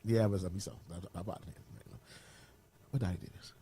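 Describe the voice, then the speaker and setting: A man from the Bahamas co-hosting a casual morning radio show in a studio, joking, laughing often and trailing off quietly. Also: deep voice, steady tone, brisk, slight background noise.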